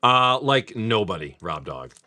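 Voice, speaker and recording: A man hosting a live stream, rambling casually, swearing freely, and reading off card names in quick lists. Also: lowish voice, very animated, sharp tone, no room sound. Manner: rambling, swears freely, laughs often at chat. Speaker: live-stream host opening card packs.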